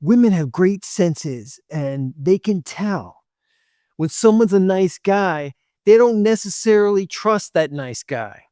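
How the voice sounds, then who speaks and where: A man's voice: high-pitched, expressive, takes it slowly, dark tone, dry recording, clean studio sound. A man hosting a dating advice show, lecturing bluntly and sometimes acting out what women say, with short laughs between points. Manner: blunt, lectures directly, acts out women's lines. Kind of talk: opinionated monologue to camera.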